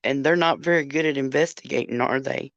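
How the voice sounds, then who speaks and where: Her voice rumbles low and moves a little fast as the older woman, hosting a casual livestream, spins a profane, talkative story aimed right at her viewers. No room sound comes through, and the recording is dull and lo-fi.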